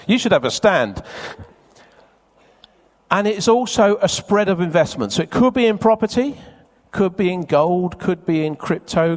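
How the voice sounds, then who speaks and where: A man speaks live at a seminar and keeps questioning and teasing the crowd. His voice sits high and swings widely. It carries a long reverb of a big hall. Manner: chatty, teasing, quizzes the crowd. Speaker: event speaker. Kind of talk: live seminar talk to an audience. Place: conference hall with a live audience.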